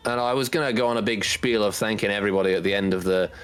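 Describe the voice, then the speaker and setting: Low-voiced man thanking everyone. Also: racing, fairly bright tone, clean tone. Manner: rambling, heartfelt, many fillers. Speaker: tournament organizer and host. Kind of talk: casual stream chat.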